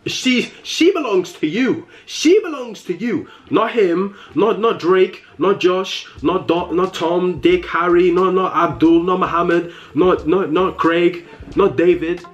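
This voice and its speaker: A man's voice: sits high, unhurried, highs cut off. A young man with a London accent rants to camera in mock fury, repeating himself, stammering and breaking into laughs. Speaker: comedy vlogger. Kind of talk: satirical rant to camera.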